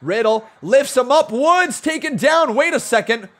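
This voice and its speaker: A man hosting a live wrestling watch-along, calling the action play by play and talking to his viewers, bursting into loud excitement at big moments. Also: very high-pitched, measured pace. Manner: excitable, swings from calm play-by-play to loud shouting; talks to viewers in chat. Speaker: live-stream host.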